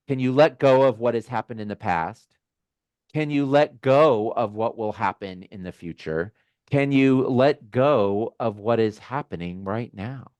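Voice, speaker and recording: A man hosting a community video call, talking in a gentle, musing way with small laughs and restarts. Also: mid-range voice, smooth, no echo. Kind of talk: reflective casual talk.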